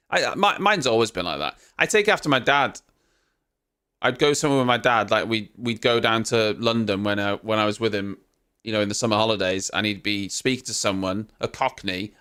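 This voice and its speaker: A man hosts a live stream with casual, running reaction commentary. His voice is smooth and clear at a middle pitch, and he teases his viewers in chatty banter with some casual swearing. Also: pushed and bright.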